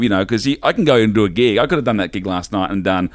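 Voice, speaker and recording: A middle-aged Australian man spins self-deprecating stories, looping back and restarting as he goes. His voice sits low, and the recording is close and dry with no room sound. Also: fast, hardly any pauses, no room sound. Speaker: stand-up comedian guest. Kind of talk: casual storytelling chat.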